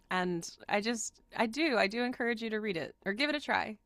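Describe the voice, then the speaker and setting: A spiritual channel host with a Southern US accent chats casually to camera, rambling and laughing often despite being sick and exhausted. Her voice is on the high side and fairly bright, animated and at a moderate pace, with clean studio sound and no room sound.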